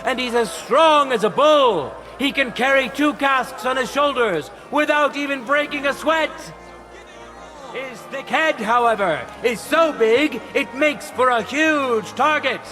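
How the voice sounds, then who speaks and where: An actor playing a tournament herald who announces duels in a slow, proclaiming delivery, with game music under him. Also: male voice, extremely high pitch, sharp tone, exaggerated voice.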